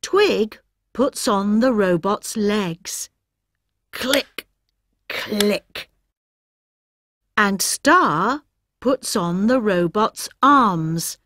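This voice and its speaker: A woman narrating a children's storybook for English learners, slow, clear and expressive. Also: medium pitch, no echo, studio quality. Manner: slow, clear and expressive, stressing each word.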